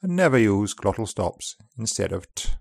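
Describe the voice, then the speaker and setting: A man with a British accent teaching pronunciation, slowly and carefully sounding out model phrases. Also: on the low side, big pitch swings, creaky, darkish tone, no echo, studio quality. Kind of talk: scripted pronunciation lesson.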